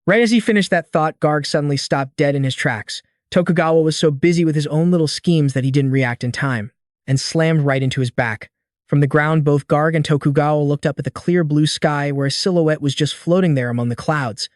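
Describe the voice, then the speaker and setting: A man tells a comic story in a scripted recap, using casual slang and dramatic flair. His voice sits a little high. It is recorded very close and dry, with no room sound. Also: brisk, no echo. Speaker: narrator. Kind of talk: scripted manhwa recap narration.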